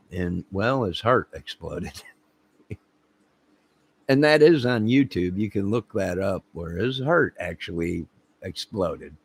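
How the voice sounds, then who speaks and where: A man's voice: low voice, slightly rough. A man hosting his own channel, telling a rambling comic story and laughing at his own jokes while acting out the quotes. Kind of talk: rambling comic anecdote to camera.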